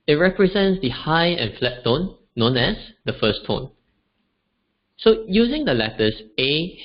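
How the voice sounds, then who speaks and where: Lively man teaching online. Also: medium pitch. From Singapore. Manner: lively, demonstrates tones aloud. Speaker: language teacher. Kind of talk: online webinar lesson. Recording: dull lo-fi webinar audio.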